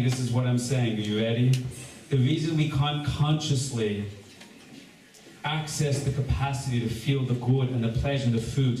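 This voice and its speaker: Energetic rabbi teaching in an echoey room. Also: male voice, mid-range voice. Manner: joking, energetic, addresses the crowd directly. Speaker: rabbi leading a seder. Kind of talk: lively teaching to a live gathering. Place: large echoey room with a gathering. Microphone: distant room recording. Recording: echoey room recording from far off with background noise.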